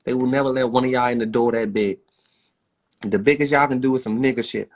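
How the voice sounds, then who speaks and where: A man's voice: mid-range voice, fairly even intonation, a little fast. Blunt Baltimore man ranting. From Baltimore, USA. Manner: blunt, profane, emphatic. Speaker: livestreamer. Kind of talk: ranting livestream talk.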